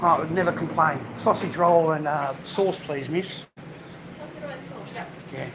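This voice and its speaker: Heavy background noise surrounds an Australian man vlogging on his phone outside a food stall. His voice is fairly high and slow, and he rambles along casually with plenty of blokey swearing.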